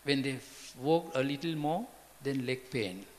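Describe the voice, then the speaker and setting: A man giving an informal Buddhist talk, halting and repetitive, often asking his listeners questions. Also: mid-range voice, animated. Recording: long hall reverb, faint background noise.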